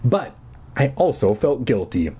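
Husky guy reading a kids book out loud, swoopy delivery, deadpan crude jokes. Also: medium pitch, measured pace. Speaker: reader. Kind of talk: comedic audiobook reading.

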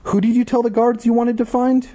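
A man voicing an alarmed teenage boy in a read-aloud story, with sharp, urgent questions. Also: extremely high pitch, little pitch movement, fairly quick, pitched above the performer's own voice.

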